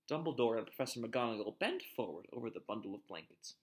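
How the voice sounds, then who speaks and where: A man narrating a storybook aloud in an expressive, animated way. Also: medium pitch, fast talker, hardly any pauses. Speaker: reader.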